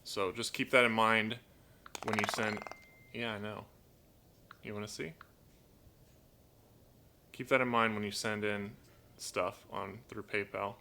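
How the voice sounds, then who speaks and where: A man hosting a casual live stream from home, chatting in a rambling way, reading viewer comments aloud and talking softly to his pet bird. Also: lowish voice, little pitch movement, measured pace, gravelly, a little hiss or hum. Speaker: live-stream host and toucan owner. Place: at home indoors.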